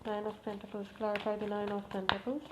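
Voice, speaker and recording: A woman giving a casual tarot reading to camera, talking to the cards, repeating requests and exclaiming with excitement. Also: medium pitch, quick pace. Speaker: tarot reader. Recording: slightly muffled, faint background noise.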